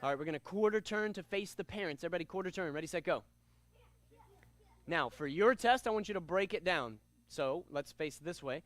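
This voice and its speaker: A man teaching a kids' karate class, energetic and upbeat, leading commanding call-and-response drills. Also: high voice, brisk. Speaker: karate instructor.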